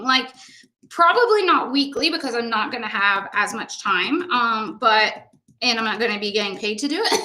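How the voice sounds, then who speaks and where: A woman's voice: high-pitched, bright, forceful tone. A middle-aged woman co-hosting a painting livestream, chatting casually and cheerfully to viewers while she paints. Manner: chatty, upbeat, exclaiming to viewers. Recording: echoey room.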